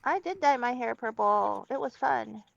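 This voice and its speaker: A woman chatting casually on a stream, relaxed and agreeable with short replies. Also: a little high, moderate pace, creaky. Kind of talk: casual chat. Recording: muffled, lo-fi audio.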